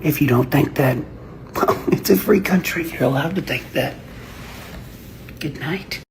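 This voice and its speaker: A man's voice: fairly high pitch, unhurried, vocal fry, slight background noise. A man ranting casually and profanely on a livestream, boastful and laughing often. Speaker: livestream host.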